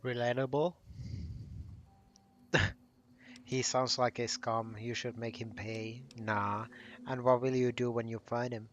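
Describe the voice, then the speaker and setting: A man's voice: medium pitch, level tone, takes it slowly, long pauses, muffled recording, a little hiss or hum. A man casually commenting while playing a video game, rambling and often correcting himself. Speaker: gaming channel host. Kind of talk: casual let's play commentary.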